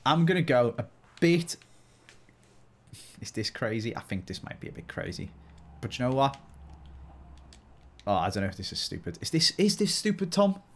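Lively Scouse man chatting about a game. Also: mid-range voice. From Liverpool, England. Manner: chatty, self-questioning, quick to laugh. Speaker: guest player. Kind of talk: casual gaming chat.

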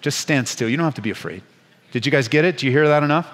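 A man preaching as a pastor at a Bible study, moving between hushed, intimate lines and loud, urgent exhortation, with playful asides. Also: mid-range voice, quick pace, long reverb tail. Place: church sanctuary.

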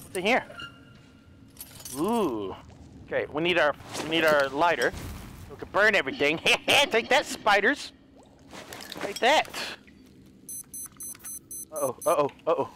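A man doing let's play commentary, excitable, talking to his viewers, yelping and swearing as he plays. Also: on the high side, slight background noise. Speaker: gaming youtuber.

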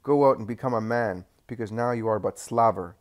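A man voicing a calm, dignified disciple who speaks in a measured way. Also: lowish voice, close to an everyday voice. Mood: stern.

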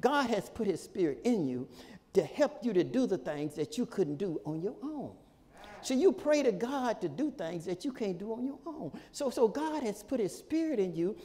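A male pastor preaching a sermon in a folksy, repetitive style, with shouted peaks and laughter between points. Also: sits high, long reverb tail. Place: church sanctuary.

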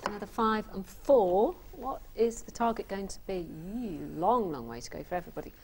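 A woman co-presenting a quiz show, calling out the numbers briskly and cheerfully and checking the contestants' working. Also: medium pitch, lively intonation, a little mellow, slightly rough.

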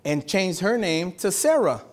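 A man pastor preaching a Sunday sermon in a church, talking in a loose, slangy way, sometimes shouting and sometimes dropping to a hush. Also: high voice, sing-song, unhurried. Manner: conversational preaching with slangy asides and laughs; swings from shouting to hushed.

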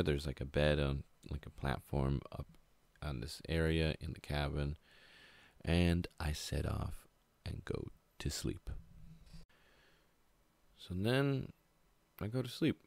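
Very deep, gravelly young man. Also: no echo. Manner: casual, profane, laid-back rambling. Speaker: vlogger. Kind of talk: storytime monologue.

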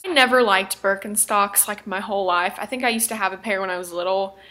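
A young woman with a bright, crisp voice chats in a relaxed vlog about her shopping haul. Her talk is loose and filled with "like" between phrases, and her pitch sits in the middle for a woman. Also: fast. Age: young adult. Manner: chatty, lots of "like" fillers. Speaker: fashion vlogger.

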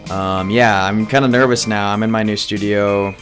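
A man doing let's play commentary of a horror game from his home studio, breaking into panicky screams and loud swearing. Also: lowish voice, fairly even intonation, moderate pace. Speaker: gaming YouTuber. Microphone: desk mic, no webcam. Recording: game music playing behind. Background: game music.

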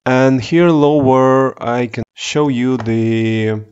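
A man presenting a technical demonstration of test equipment, explaining step by step with frequent pauses and restarts. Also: medium pitch, a little mellow, smooth, lo-fi sound. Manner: explanatory, hesitant with fillers and restarts. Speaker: engineer presenting a product demo.

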